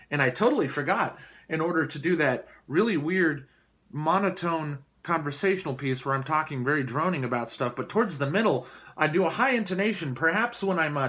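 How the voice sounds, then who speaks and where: A man's voice: a little high, fairly bright tone. A man doing improvised, single-take vlog commentary in a mocking, sarcastic, rambling way, recorded on a camera placed below him. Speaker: vlogger.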